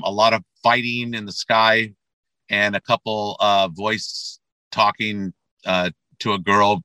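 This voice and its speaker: A middle-aged man talks loosely as an interview guest, circling back and repeating his words as he goes. His voice is bright and forward, and the sound is dry and close, with no room around it. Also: fairly low pitch, dry recording, rough recording. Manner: rambling, repeats words, many fillers. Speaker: metal band frontman and guest. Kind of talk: casual interview chat.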